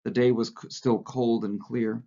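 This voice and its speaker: Brief: male teacher, mid-pitched voice, steady read-aloud with short asides, slightly muffled recording. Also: unhurried, gravelly. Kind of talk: reading a novel aloud to a class.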